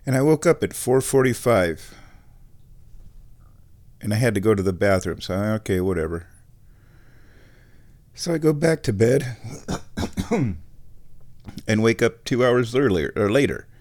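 A man chatting casually on his stream, meandering and correcting himself, and sometimes talking to his cat in a high baby voice. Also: expressive, unhurried, long pauses, a little mellow. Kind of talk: casual rambling chat.

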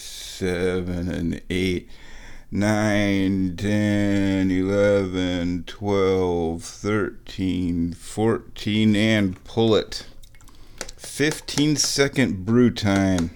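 A man's voice: low voice, fairly even intonation, very slow, darkish tone, a little hiss or hum. A man hosting a casual vlog, making tea in his kitchen and talking playfully to himself as he goes. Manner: playful, talks to himself while working, hums. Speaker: vlog host. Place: house, kitchen indoors.

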